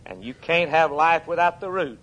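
A man preaching a sermon, swinging between urgent, raised peaks and quiet, low drops, and putting questions straight to his congregation. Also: moderate pace. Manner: addresses the congregation directly with questions.

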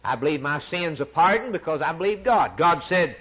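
A man preaching a sermon, repeating phrases for emphasis and swinging from loud declarations to near-whispers. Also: on the high side, expressive, a little fast, breathy edge. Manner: dramatic swings from loud to hushed, repetitive emphasis.

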